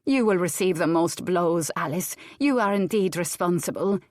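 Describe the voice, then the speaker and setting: A woman's voice: lowish voice, animated, moderate pace, dry recording, clean studio sound, natural voice. A woman reading an audiobook voices a haughty, vengeful noblewoman who screams and threatens in melodramatic outbursts. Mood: cold, accusing.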